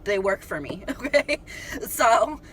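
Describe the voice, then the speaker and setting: A woman's voice: medium pitch, slow pace, slight background noise, low-quality recording. A young woman telling a story to her viewers in a casual, chatty way, full of "like" and casual swearing. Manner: chatty, animated, heavy use of "like". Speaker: spiritual vlogger.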